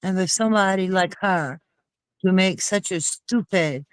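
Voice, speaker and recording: A woman's voice: fairly low pitch, a little slow. A woman co-hosting a casual chat panel, talking in an emphatic, heartfelt way. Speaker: panel co-host.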